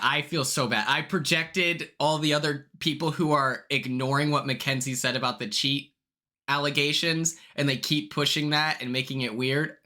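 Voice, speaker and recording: A young man hosting a livestream, chatting casually in a blunt, sassy way, swearing freely and quick to apologize. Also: mid-range voice, pushed and bright. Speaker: livestream host.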